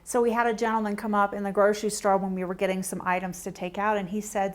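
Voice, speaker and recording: Animated woman leading a training workshop. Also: mid-range voice, fast, hardly any pauses. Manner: animated, acts out quoted everyday exchanges; direct, asks the audience questions. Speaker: workshop presenter. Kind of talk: conversational training talk to a small group.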